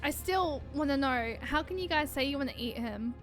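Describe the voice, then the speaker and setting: A woman streaming a game live, chatting casually and exclaiming excitedly. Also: sits high, normal speed, faint music behind. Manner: excitable, exclaims and laughs often.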